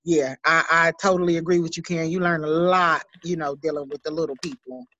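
A woman's voice: low-pitched, fairly even intonation, fairly quick, a bit bright, highs cut off. A woman in a casual group discussion who runs a daycare, speaking agreeably as she explains her point. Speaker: daycare owner, guest.

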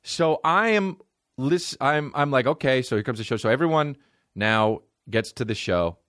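A male comedian and podcast host telling a profane, animated personal story in casual chat. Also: medium pitch, moderate pace, dry recording, studio quality.

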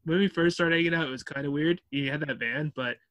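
A man's voice: on the high side, quick pace, a bit bright, no room sound. A man chipping in with short quips as a guest on an improv comedy podcast.

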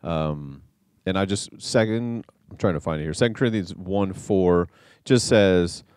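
A man with a very low voice hosts a church conversation. He talks in a reflective, rambling manner and reads scripture aloud. His voice sounds close and dry. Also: unhurried, a little mellow, clear, resonant tone, no room sound. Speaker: church host interviewing a guest. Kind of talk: conversational interview with scripture reading.

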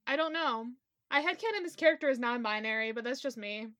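A woman's voice: a little high, animated, fast talker, a bit bright, no echo, clean studio sound. A woman co-hosting a casual podcast, chatting enthusiastically and gushing about characters she loves, with the odd swear word. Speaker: podcast co-host. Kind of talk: casual fan chat about an anime.

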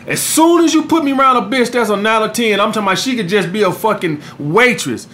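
A man's voice: high voice, expressive, fast, few pauses, pushed and bright. A man giving dating advice in a podcast monologue, blunt and profane, who keeps saying "guys" and "all right?" to his listeners. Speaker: dating coach and podcast host.

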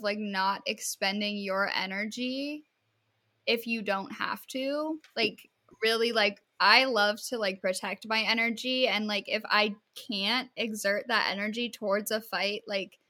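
Bright, emphatic young woman. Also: medium pitch, a little slow. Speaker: guest, host's friend. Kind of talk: casual chat.

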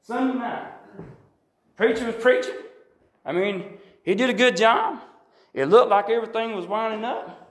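An older preacher with a high, bright voice delivers a folksy sermon, repeating phrases and asking for amens. He sounds far from the mic, and the church rings with a heavy echo. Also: lively intonation, moderate pace, long pauses.

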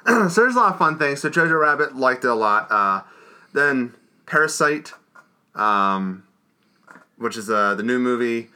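Rambling man with a very bright voice. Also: medium pitch, big pitch swings, a little slow. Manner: rambling, full of "like", keeps clearing his throat. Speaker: podcast co-host. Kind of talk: casual movie review chat.

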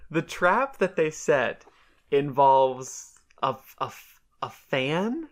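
A woman's voice: deep voice, sing-song, drawn-out words. A woman co-hosting a podcast, chatting casually and animatedly, laughing often. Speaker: podcast co-host. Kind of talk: casual chat.

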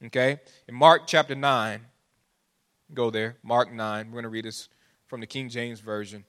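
A man's voice: medium pitch, steady tone, normal speed, fairly bright tone. A man preaching a sermon as pastor, drawing listeners in with questions and building to pleading emphasis. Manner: preaching with rising, pleading intensity and call-and-response asides.

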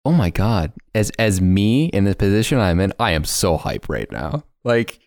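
A man in his twenties hosting a podcast, chatting casually in an animated, joking way with frequent laughs, recorded on a home microphone. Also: lowish voice, moderate pace, dry recording, clean studio sound. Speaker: podcast host. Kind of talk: casual chat.

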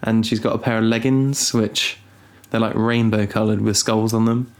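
A young man co-hosting a casual podcast, rambling and teasing with deadpan asides. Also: on the low side, normal speed. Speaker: podcast co-host. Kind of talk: casual chat.

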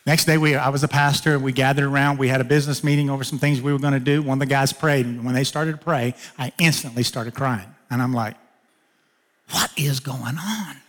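A man preaching from the pulpit, weaving a personal story into his sermon. He plays out dialogue, jumping sharply up in pitch for his own protests and sinking to a hushed, low tone for quieter lines. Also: flat delivery, quick pace, hardly any pauses, long reverb tail. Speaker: pastor.

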